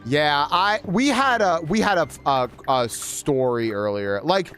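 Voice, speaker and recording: A man's voice: on the high side, expressive, unhurried, fairly bright tone, clean tone. A man streaming a game, telling stories casually, swearing a lot and full of filler words. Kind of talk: casual gaming stream storytelling.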